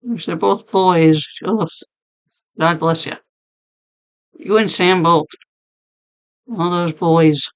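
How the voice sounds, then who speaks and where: A woman streamer chatting casually with her viewers, her voice deep and hoarse from being sick, laughing often. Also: drawn-out words, pauses often. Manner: chatty, laughing, talks to chat by name. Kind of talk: casual chat reading stream chat.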